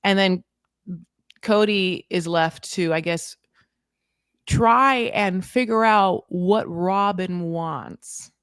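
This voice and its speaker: Woman host, lower register, dry close sound, lively recap chat with quick impressions of others. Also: clean tone, no room sound. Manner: animated, mimics people she quotes.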